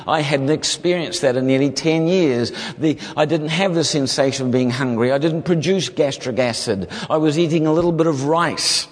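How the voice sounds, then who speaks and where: A New Zealand man with a matching accent tells a funny testimony as a guest preacher, lively and packed with comic asides. His voice sits a little high and moves at a normal speed. The long reverb of a hall fills the recording.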